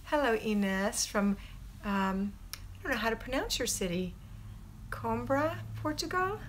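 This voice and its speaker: This middle-aged American woman, a homemaking coach, hosts a relaxed livestream from home, welcoming viewers by name and offering chatty, upbeat homemaking tips. Her voice is slightly high with lively intonation, and she takes her time. There's a little background noise.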